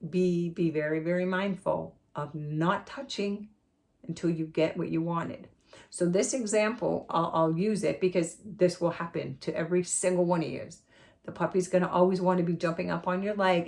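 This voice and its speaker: Middle-aged woman, dog trainer, lowish gravelly voice, emphatic and repetitive teaching style. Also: fairly even intonation, normal speed, darkish tone. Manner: emphatic, repeats words for stress, switches to high sing-song praise voice. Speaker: puppy trainer. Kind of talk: instructional talk to puppy owners.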